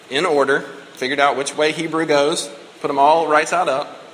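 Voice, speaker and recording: A man's voice: medium pitch, bright, forceful tone, slight background noise. A man in his thirties giving a conversational, emotional sermon as a pastor. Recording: reverberant hall with faint ambience.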